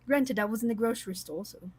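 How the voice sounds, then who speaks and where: A woman host chatting casually with her viewers on a livestream, rambling warmly with many fillers and little laughs. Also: on the high side, brisk, breathy edge. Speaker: coloring channel host.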